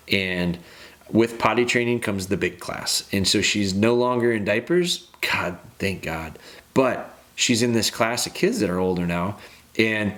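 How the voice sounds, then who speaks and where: A man's voice: fairly low pitch, fairly bright tone. A man in his thirties hosting a dog-training podcast, ranting bluntly and emphatically, with restarts.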